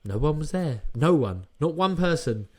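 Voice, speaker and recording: A man, a former boxer co-hosting a podcast, telling stories in an animated, swearing, laughing chat. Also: on the high side, normal speed, background noise. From England. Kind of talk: casual storytelling chat.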